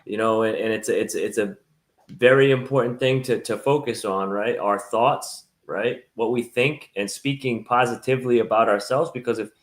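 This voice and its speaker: A man interviewing a fitness coach, speaking in a halting way with many fillers and restarts. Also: medium pitch. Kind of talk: casual interview conversation.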